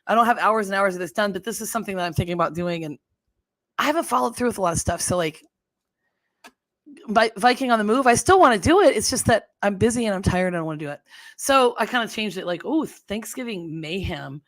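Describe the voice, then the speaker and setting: A middle-aged woman chats casually on a livestream, rambling and laughing as she goes. Her voice sits at an ordinary pitch and sounds close and dry, with no room around it. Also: lively intonation, quick pace, no room sound. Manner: chatty and rambling, laughs often, fumbles with settings. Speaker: livestream host.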